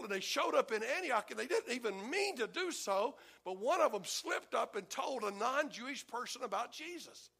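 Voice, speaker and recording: A middle-aged male pastor preaching a folksy, animated sermon and acting out the voices of the people in his stories. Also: extremely high pitch, vocal fry, husky.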